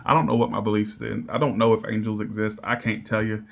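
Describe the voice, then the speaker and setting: A man's voice: lowish voice, level tone, fast, gravelly, a little hiss or hum. Guy rambling casually to his viewers, laughs a lot, keeps restarting sentences. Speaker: tarot reader answering viewer comments. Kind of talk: casual livestream chat.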